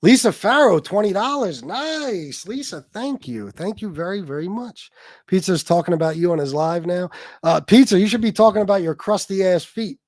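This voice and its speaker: A man's voice: high voice, animated, normal speed, a little mellow, no room sound, clean studio sound. Profane male livestream host. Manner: profane, mocking, laid-back between rants. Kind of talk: casual livestream chat.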